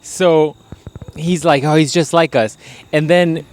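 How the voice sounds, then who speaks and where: A man's voice: on the high side, fairly even intonation, slow pace. A man hosting a podcast in casual chat, telling rambling, profane stories and laughing. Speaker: podcast host.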